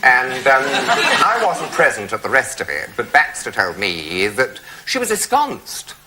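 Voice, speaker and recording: A man telling theatrical anecdotes to a live audience in a flamboyant, lively way, stretching out words for emphasis. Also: medium pitch, measured pace, breathy edge, poor audio.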